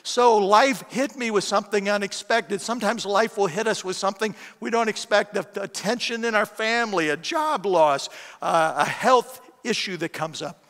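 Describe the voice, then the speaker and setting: A man's voice: high-pitched, moderate pace, fairly bright tone. A middle-aged man preaching a sermon as a guest speaker, telling stories with self-deprecating humor. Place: church auditorium. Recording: long church hall reverb.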